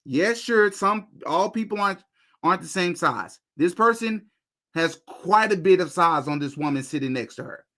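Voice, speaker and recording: A man hosting a podcast, talking straight to his viewers in animated, casual commentary. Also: sits high, moderate pace. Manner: animated, talks to viewers directly, repeats phrases while searching. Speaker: podcast host. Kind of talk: casual commentary while reacting to a video.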